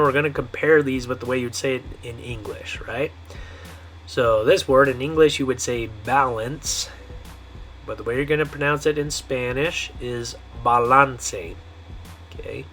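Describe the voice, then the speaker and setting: A man teaching a pronunciation lesson, saying each model word slowly and checking in often with the class. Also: medium pitch, fairly bright tone, soft background music. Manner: slow, drawn-out model words with frequent "okay?" checks. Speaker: Spanish teacher.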